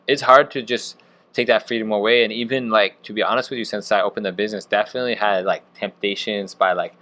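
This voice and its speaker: A man's voice: on the low side, fairly even intonation, quick pace, pushed and bright. A man in his thirties from Wisconsin, a chef and restaurant owner, chatting casually on a podcast in a laid-back way full of fillers. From Wisconsin, USA. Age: 30s.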